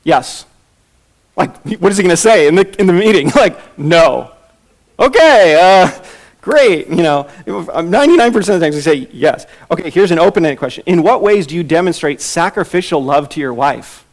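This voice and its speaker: A man's voice: a little high, lively intonation, a little fast. A man teaching a church class on soul care, talking conversationally and acting out quotes. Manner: conversational, with restarts and acted-out quotes. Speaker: Bible teacher.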